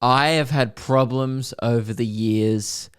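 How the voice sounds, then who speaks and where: A man's voice: mid-range voice, slow, clean tone, no echo, studio quality. A young man, co-hosting a podcast in casual chat, blunt and joking with casual swearing. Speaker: podcast co-host.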